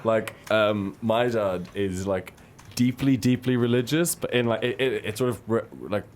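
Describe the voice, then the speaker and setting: A man's voice: lowish voice, steady tone. Joking male co-host, faint room noise. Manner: joking, quick banter. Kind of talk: casual chat.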